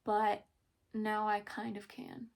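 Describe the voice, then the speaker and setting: A young woman talking hesitantly in a personal confessional vlog, pausing often and searching for words. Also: medium pitch, monotone, creaky. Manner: hesitant, halting, many pauses and fillers; emotional, soft-spoken. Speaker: vlogger.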